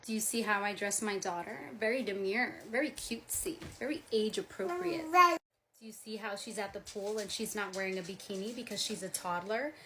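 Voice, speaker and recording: A woman's voice: mid-range voice, fairly even intonation, brisk, few pauses, fairly bright tone. A mother doing an earnest, mock-proper comedy skit.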